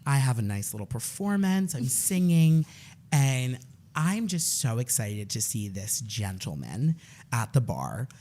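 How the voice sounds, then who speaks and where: A man's voice: medium pitch, sing-song, measured pace, dark tone. A man co-hosting a podcast, telling a night-out story in casual chat and acting out the voices. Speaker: podcast co-host.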